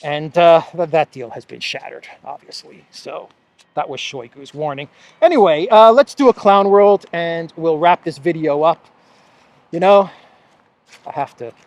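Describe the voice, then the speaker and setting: A man with a New York accent hosting an animated political commentary vlog outdoors by the sea, often scoffing and laughing. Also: fairly high pitch, no room sound.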